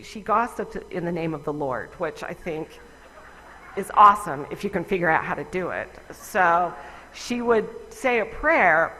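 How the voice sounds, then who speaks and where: A woman's voice: on the low side, bright, forceful tone. A woman giving a conversational, wry personal talk to a conference audience. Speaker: conference speaker. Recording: long reverb of a large hall.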